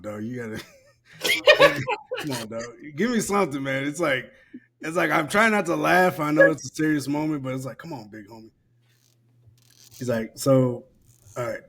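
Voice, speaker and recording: A man's voice: medium pitch, moderate pace, gravelly, fairly bright tone. Laid-back profane podcast guy. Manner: loose, profane, laughing while reading aloud. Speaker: podcast co-host. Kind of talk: casual podcast chat.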